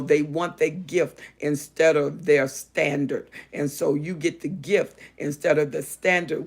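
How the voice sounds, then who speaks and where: A woman's voice: sits low, vocal fry, a little mellow. Emphatic preachy woman host. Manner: emphatic, repetitive, sermon-like cadence. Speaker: relationship advice host. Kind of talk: preachy monologue reading viewer comments.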